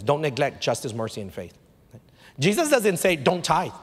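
A man's voice: fairly high pitch, very animated, moderate pace, husky. A male pastor gives a conversational sermon that rises into emphatic bursts. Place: church sanctuary. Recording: live church hall reverb.

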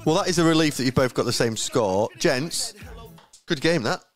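A young man hosts a live tournament stream, joking, poking fun at himself, and laughing easily in casual commentary. His voice sits a little high and sounds animated at a moderate pace, with faint music in the background.

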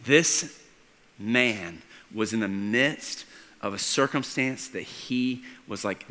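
Male pastor, sermon, bright forceful tone, long church hall reverb. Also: fairly low pitch, takes it slowly. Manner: storytelling, swinging from hushed to excited.

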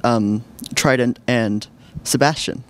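A teenage boy, a high school actor, giving short, somewhat shy answers. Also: slow pace. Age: teens. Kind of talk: casual interview answers.

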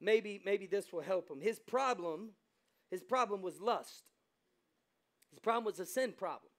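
A male pastor with an American accent preaching a sermon, swinging between quiet asides and loud, fervent exclamations and acting out quoted voices. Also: high-pitched, animated, measured pace.

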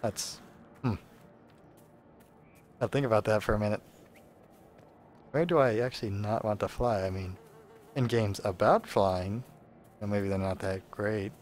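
A man's voice: lowish voice, measured pace, pauses often, darkish tone, a little hiss or hum. Sarcastic man chatting over gameplay. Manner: sarcastic, rambling, joking. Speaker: let's play host. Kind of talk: casual gameplay commentary.

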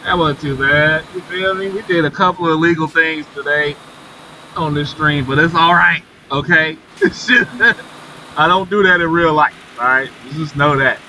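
A man with a bright, forceful voice chats through a live gameplay stream from inside his truck cab. He talks loosely to his viewers and bursts into excited whoops. He sits back from the mic, with a faint engine hum underneath. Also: on the high side, moderate pace, far from the mic, poor audio. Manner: chatty, addresses viewers as y'all, excited exclamations. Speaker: livestreamer. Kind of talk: casual gameplay commentary.

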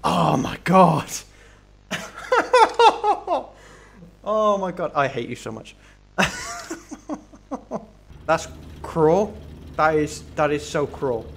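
A man streaming a horror game, excitable and panicky, yelping and laughing at what happens on screen. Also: on the high side, extremely slow, gravelly, pauses often, slight background noise. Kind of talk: live gameplay commentary. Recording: game music loud behind voice.

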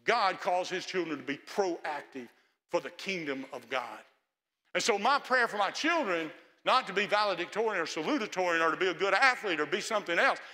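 Older male pastor, bright high voice, storytelling sermon with hushed pleading asides, long church echo. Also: animated, a little fast. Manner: storytelling, acting out prayers in hushed pleading tones. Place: large church sanctuary.

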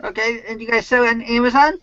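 Host, male, very high and bright voice, plain interviewer, dry muffled call line. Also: fairly even intonation, brisk, no echo. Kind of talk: live-stream interview. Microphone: computer mic on an online call.

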